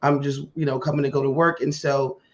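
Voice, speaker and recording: A woman hosting a podcast tells a personal story in a relaxed, chatty way. She slips into the voices of the people she quotes and acts out their lines with energy. The recording sounds muffled and lo-fi. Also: a bass voice, a little fast, slight background noise. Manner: animated, acts out quoted dialogue. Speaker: podcast host. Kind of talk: casual storytelling chat. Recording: muffled lo-fi audio.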